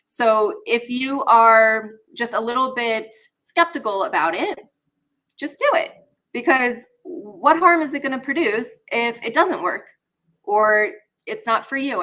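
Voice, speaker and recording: A woman's voice: fairly high pitch, bright, forceful tone. A woman hosting a live online session, teaching casually and talking straight to viewers while a bit under the weather. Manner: chatty, talks straight to viewers, greets chat.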